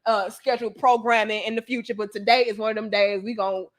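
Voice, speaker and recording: A young adult woman tells a story to her viewers in a casual, animated, chatty way, swearing freely and calling them y'all. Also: mid-range voice, fast. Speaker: vlogger.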